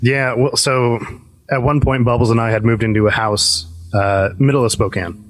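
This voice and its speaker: A man on a podcast telling a ghost story casually, with lots of uhs and restarts. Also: mid-range voice. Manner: relaxed, halting with many fillers. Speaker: podcast guest.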